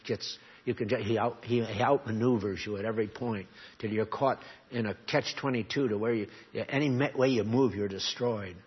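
Husky male preacher, earnest sermon, quizzes his flock, muffled lo-fi tape. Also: lowish voice, fairly even intonation, moderate pace, few pauses. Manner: earnest preaching, rhetorical questions to the congregation. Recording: dull lo-fi recording.

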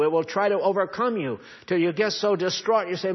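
Husky male preacher, earnest sermon, quizzes his flock, muffled lo-fi tape. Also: high voice, a little fast, hardly any pauses. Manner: earnest preaching, rhetorical questions to the congregation. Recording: dull lo-fi recording.

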